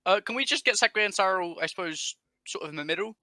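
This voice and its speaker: A man in a tabletop game session, asking questions in a halting, stop-start way. His voice is high and bright, recorded close and dry with no room sound. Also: lively intonation, dry recording. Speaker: player.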